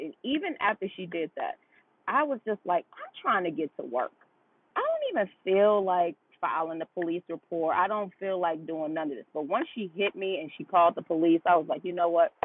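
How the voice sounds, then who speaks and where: A very animated woman with a voice on the low side talks briskly, with slight background noise on a tinny, phone-like line. Appearing as a podcast guest, she tells a casual story crowded with fillers and quoted dialogue.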